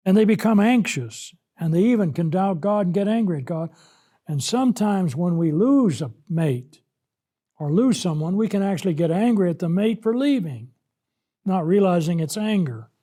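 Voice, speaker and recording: A man's voice: high-pitched, mellow. A man preaching a Bible lesson, acting out the scripture in the first person as he explains it. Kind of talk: sermon-style Bible lesson.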